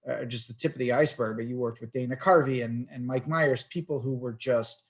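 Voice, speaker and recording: A man of ordinary pitch hosts a conversation, framing his questions with small hesitations. He laughs readily at his guest. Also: steady tone, a little fast. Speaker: host. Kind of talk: interview questions.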